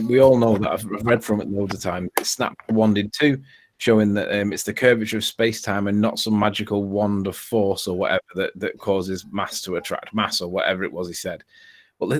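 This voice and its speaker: A man's voice: on the low side, slightly rough. A man chatting on a live debate stream, rambling and hesitant with many ums and restarts. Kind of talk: casual online chat.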